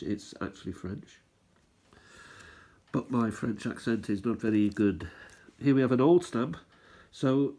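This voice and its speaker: A man's voice: medium pitch, warm tone, breathy edge. A man hosting a stamp collecting channel, rambling and thinking aloud as he chats casually through what he's showing. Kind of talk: casual show-and-tell chat.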